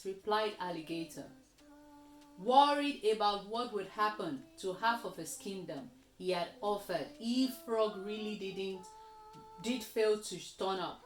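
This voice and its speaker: A woman reading a children's story aloud, slowly and expressively, as host of a kids' reading session. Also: mid-range voice, roomy sound. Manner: slow, expressive read-aloud with lively voices.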